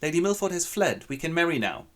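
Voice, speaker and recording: A man's voice: a little high, big pitch swings, quick pace, fairly bright tone, voice pushed up. A man doing a petulant young aristocrat. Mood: eager. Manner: petulant, dramatic. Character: hot-headed young male aristocrat, jealous.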